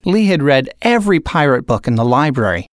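A woman narrating a children's storybook aloud in a slow, expressive read-aloud manner. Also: rumbling low, no room sound, clean studio sound.

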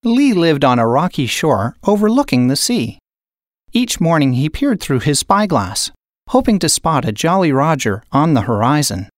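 A woman narrator reading a children's picture book aloud in an expressive, unhurried way. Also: deep voice, no echo, studio quality. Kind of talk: storybook read-aloud.

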